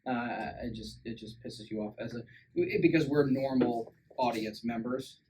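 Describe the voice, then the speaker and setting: A man's voice: mid-range voice, normal speed, darkish tone, distant mic, low-quality recording. A man co-hosting a casual movie review podcast, recapping scenes and mocking the characters in exaggerated voices. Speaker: podcast co-host. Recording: faint background noise.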